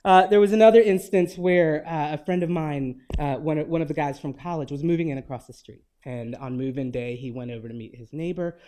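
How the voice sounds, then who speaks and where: A man in his forties giving a lecture, telling personal anecdotes in a relaxed, conversational way with gentle humor. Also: fairly high pitch, fairly quick, few pauses. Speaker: guest lecturer.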